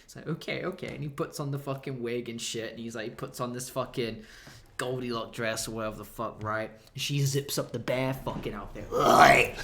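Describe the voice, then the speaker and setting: A man's voice: medium pitch, steady tone, normal speed, pushed and bright, a little hiss or hum. Profane rambling man in an echoey room. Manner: profane, rambling, laughs often. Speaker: streamer. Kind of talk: crude comedic storytelling.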